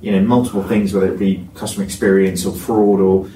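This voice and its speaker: A man's voice: deep voice, little pitch movement, quick pace, mellow. A man co-hosting a podcast in casual panel chat, rambling with lots of fillers. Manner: rambling, filler-heavy, self-deprecating. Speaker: podcast co-host. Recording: echoey room, distant mic, faint noise.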